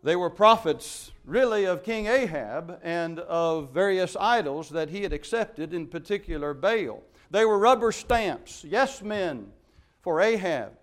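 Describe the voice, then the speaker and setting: A man preaching with urgent emphasis, his voice sitting somewhat high for a man. He moves between soaring, loud declarations and quiet, low asides as he works through the text. It is a pastor's sermon delivery. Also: lively intonation, measured pace. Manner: emphatic preaching with wide swings in loudness.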